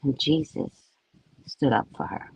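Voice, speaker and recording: A woman's voice: very deep voice, animated, a little slow, creaky, husky, no room sound, poor audio. A woman hosting a live stream, telling a personal story in a casual, blunt and profane way, laughing often. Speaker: psychic reader and live-stream host.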